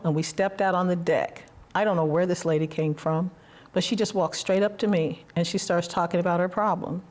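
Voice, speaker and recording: Encouraging woman host, lowish voice. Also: darkish tone. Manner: reflective and encouraging, storytelling. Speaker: podcast host. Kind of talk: heartfelt conversational interview.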